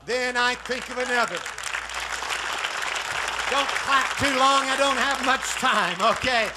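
A man preaching a revival sermon, telling Bible stories dramatically and breaking into shouts at the peaks. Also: extremely high pitch, husky. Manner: dramatic storytelling, bursts into shouts; slow, drawn-out emphasis.

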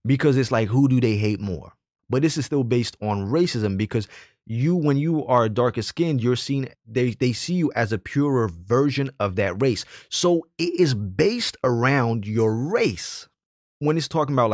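A man's voice: lowish voice, no room sound, studio quality. A man giving opinionated personal commentary, earnest and argumentative, backing his points with stories from his own working life. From Jamaican heritage, raised in the hood.

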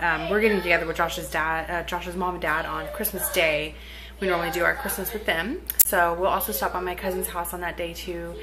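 A mother filming a casual family vlog at home, chatting to the camera and to her babies. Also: lowish voice. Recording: home video with household noise.

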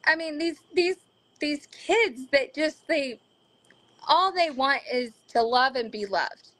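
A woman's voice: high voice, animated, a bit bright. A woman, a mother, talking earnestly in a casual discussion and acting out quotes now and then. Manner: earnest, quick to act out quotes. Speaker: parent guest.

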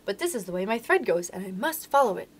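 A woman reading aloud and voicing an eager, determined young princess girl with a bright voice. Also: medium pitch, very animated, fast, husky. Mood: hushed.

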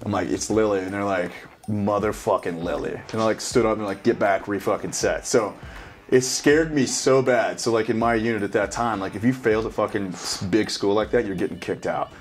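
A man's voice: lowish voice, fairly quick, faint music behind. A man in his thirties, a military veteran, telling loose, profanity-heavy stories in casual reaction chat. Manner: profane, swears constantly, loose storytelling. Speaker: special operations veteran reacting to a game.

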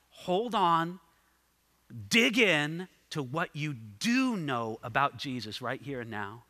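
Bright, high-voiced man preaching a sermon. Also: animated, unhurried, in a large hall. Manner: emphatic, building repeated parallel phrases. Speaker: pastor. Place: church sanctuary.

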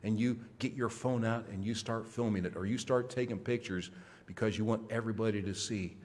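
A male pastor preaching a sermon with emphasis, swinging between loud, high rises and quiet, low drops. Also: fairly even intonation, brisk, in a large hall. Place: church sanctuary.

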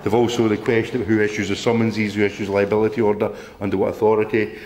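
A man's voice: fairly low pitch, flat delivery, quick pace, darkish tone, echoey room. A man giving an emphatic, indignant public talk to an audience, rambling with restarts and the odd swear word. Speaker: speaker at a public meeting.

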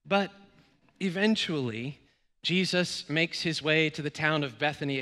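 Storytelling male pastor in a reverberant church. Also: on the high side. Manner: warm storytelling with many fillers and quoted dialogue. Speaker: guest pastor. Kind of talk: sermon. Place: church sanctuary. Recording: long reverb of a church hall.

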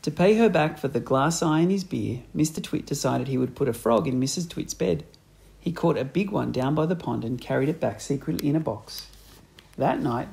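A man reading a children's book aloud, with expressive, animated storybook narration. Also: mid-range voice, creaky, poor audio. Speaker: audiobook reader.

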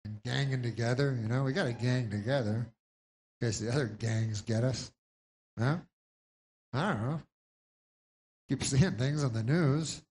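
A man doing a stand-up comedy set with a rambling, deadpan delivery full of meandering asides. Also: mid-range voice, a little slow, long pauses, husky.

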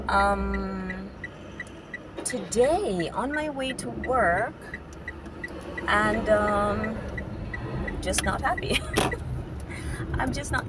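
A woman from Jamaica. She talks candidly and rambles a little in a casual vlog, recorded outdoors on a street on her way to work. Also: medium pitch. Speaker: English teacher. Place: outdoors on a street while commuting. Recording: distant mic with loud traffic noise.

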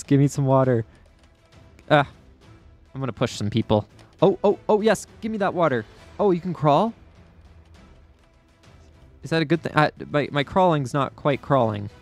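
A man giving excitable gameplay commentary as a YouTuber, yelping and laughing often as things happen. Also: fairly high pitch. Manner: excitable, quick to yelp and laugh. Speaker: gaming YouTuber.

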